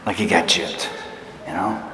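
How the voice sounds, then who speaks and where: Deep-voiced man preaching in an echoey hall. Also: fairly even intonation, sharp tone. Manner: conversational, halting, self-deprecating storyteller. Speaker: pastor. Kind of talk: sermon with personal story. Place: church hall before a laughing congregation. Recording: echoey hall, distant room noise.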